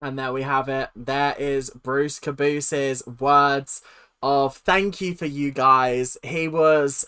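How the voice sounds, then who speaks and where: A man's voice: medium pitch, a bit bright. Rambling young male streamer. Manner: rambling, self-deprecating, trails off with fillers. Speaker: livestream host. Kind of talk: casual livestream chat.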